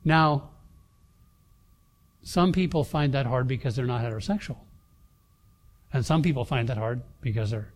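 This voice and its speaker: A middle-aged pastor shares a personal story in his sermon, his mid-range voice halting through many fillers and restarts.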